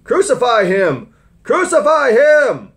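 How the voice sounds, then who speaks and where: A man voicing an angry mob that shouts for an execution, in a high, strained yell. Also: sing-song, moderate pace. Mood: furious.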